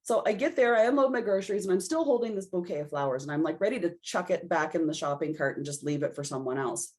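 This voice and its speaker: Female podcast guest, low-pitched, animated conversational storyteller. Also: quick pace. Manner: animated storyteller acting out her own reactions. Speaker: podcast guest, intuitive reader.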